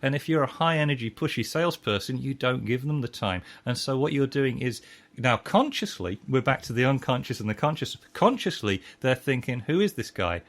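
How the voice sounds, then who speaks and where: A man's voice: medium pitch, animated, a little fast. A man, a trainer and guest expert, explaining sales techniques in conversation and acting out examples with shifting tone and pace. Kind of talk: conversational teaching.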